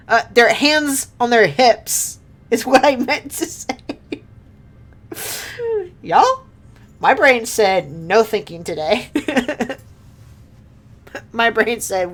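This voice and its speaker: A woman's voice: a little high, breathy edge. Giggly young woman streaming a game. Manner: giggly, rambling, swears casually. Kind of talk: casual gameplay commentary.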